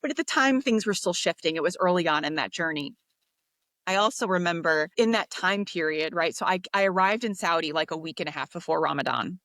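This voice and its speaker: Interview guest, woman, lowish voice, animated storyteller who acts out quotes, dry close mic. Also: brisk, no room sound. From United States. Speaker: podcast guest.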